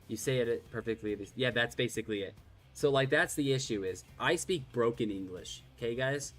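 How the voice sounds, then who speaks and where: Irish-born male streamer, mid-pitched, rambling and self-mocking, light game music underneath. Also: moderate pace. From Ireland. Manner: rambling, self-deprecating, many restarts and swearing. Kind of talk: casual chat while streaming.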